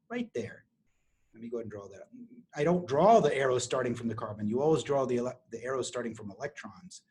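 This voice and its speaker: A middle-aged man lecturing on chemistry to a university class. He explains step by step, restarting phrases and clearing his throat often. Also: medium pitch, darkish tone. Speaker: chemistry professor.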